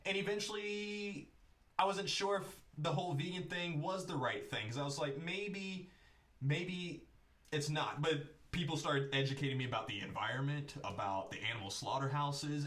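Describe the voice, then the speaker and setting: A man's voice: mid-range voice, moderate pace, fairly bright tone. A man hosting a casual interview, easygoing and reflective. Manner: easygoing, reflective, laughs along. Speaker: podcast host.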